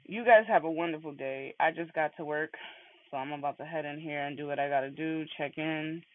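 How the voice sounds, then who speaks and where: High-voiced man talking from a car. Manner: candid and emphatic, swears freely. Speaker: host of a motivational morning talk. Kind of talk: casual motivational monologue. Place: in a car on the way to work. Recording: phone-like line with faint road noise.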